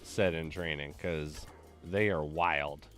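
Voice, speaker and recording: A man's voice: very deep voice, fairly even intonation, slow, a bit bright, faint music behind. A man hosting a game stream, chatting casually and joking, with lots of "like" in his speech. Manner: rambling, joking, heavy use of "like". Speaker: gaming stream host.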